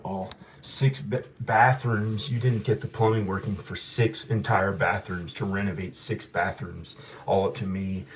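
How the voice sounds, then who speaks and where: A man's voice: sits low, steady tone, unhurried. A man rambling to himself while working around a house, then ranting bitterly. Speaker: vlogger. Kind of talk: rambling monologue to camera. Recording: echoey room with background noise.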